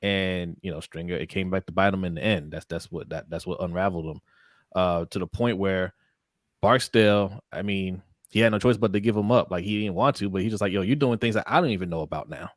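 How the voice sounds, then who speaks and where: A man with a fairly low voice chats on a podcast, asking "right?" to draw others in. The sound is dry and close to the mic. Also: steady tone, a little fast, dry recording. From Baltimore. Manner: conversational, seeks agreement with "right?". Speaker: podcast co-host. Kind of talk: casual podcast chat.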